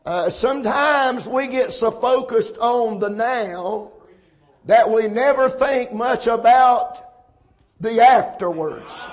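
A male pastor praying and then preaching a sermon, slow and deliberate, repeating phrases and rising to shouted emphasis. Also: very high voice. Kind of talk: sermon with opening prayer.

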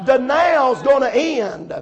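A man preaching in a strikingly high voice. He talks slowly and deliberately, repeating phrases and building to shouted points. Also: big pitch swings, creaky, muffled recording, a faint crowd. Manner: slow, preaching cadence that builds to shouted emphasis. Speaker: pastor. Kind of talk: sermon with opening prayer.

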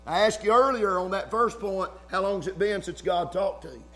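A man preaching a fervent sermon in church, rising to shouts between folksy asides. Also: high-pitched, normal speed.

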